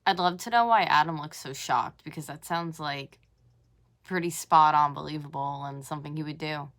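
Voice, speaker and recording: A woman in her twenties from North America gives casual reaction commentary. Her voice sits a little low, and she sounds sarcastic and indignant. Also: normal speed, fairly bright tone. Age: 20s. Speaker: YouTuber reacting to a video.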